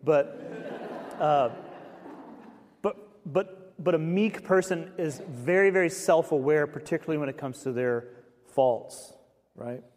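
A man preaching a sermon as pastor, talking in a loose, conversational way with many fillers and lively swings. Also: fairly high pitch, unhurried, pauses often. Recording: long reverb of a large hall.

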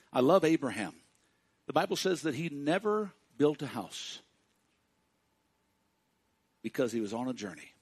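A man preaching a sermon to his congregation, speaking directly to them and swinging between hushed and loud passages. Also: mid-range voice, slightly rough. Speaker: pastor.

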